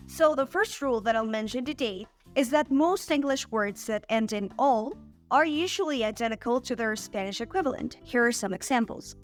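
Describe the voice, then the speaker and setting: A woman hosting an online Spanish lesson, saying example words slowly and clearly for learners. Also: a little high. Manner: clear, slow model pronunciation of words. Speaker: Spanish teacher and channel host.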